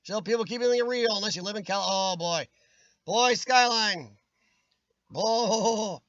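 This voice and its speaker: High-voiced, ranting man. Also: takes it slowly, a bit bright, no echo, dull audio. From United States. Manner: opinionated ranting, answers chat comments by name. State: starting to lose his voice. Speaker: livestream host reading chat. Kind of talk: casual live-stream chat.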